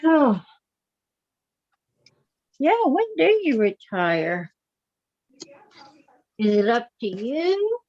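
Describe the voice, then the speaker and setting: A woman chatting with quilting friends on a video call, expressive and teasing. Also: on the high side, drawn-out words, long pauses. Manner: expressive, teasing, exclaims a lot. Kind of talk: casual chat. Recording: muffled video call audio.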